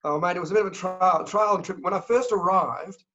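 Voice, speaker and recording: Excitable Australian man, dull lo-fi audio. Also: high voice. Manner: fast, excitable, joking. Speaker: travel company sales director. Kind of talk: interview.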